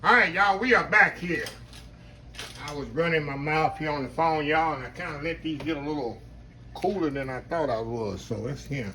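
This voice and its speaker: A man's voice: a little high, normal speed, sharp tone, slight background noise, poor audio. A man hosting a casual home cooking vlog, chatty and folksy, talking to viewers as y'all in his kitchen. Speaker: home cooking channel host.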